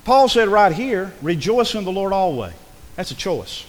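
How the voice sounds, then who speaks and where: A man preaching in a church sanctuary, his fairly high voice swinging widely as he talks. He keeps it conversational, with quick asides and little acted-out quotes. The sound carries a long hall reverb. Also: very animated. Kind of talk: sermon.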